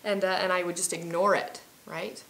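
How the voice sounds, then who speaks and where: A woman's voice: fairly low pitch, fairly even intonation, moderate pace, vocal fry, a bit bright, reverberant. A woman hosting an instructional self-help video, talking in a friendly, chatty way with fillers and restarts. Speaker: healing coach and video host.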